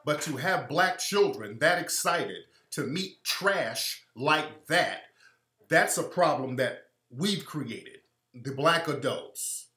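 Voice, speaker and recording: A man hosts a heated live stream from home, preaching his points and repeating them for weight. His voice sits a bit high and comes out bright and forceful. The webcam mic picks up a roomy echo. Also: expressive, takes it slowly.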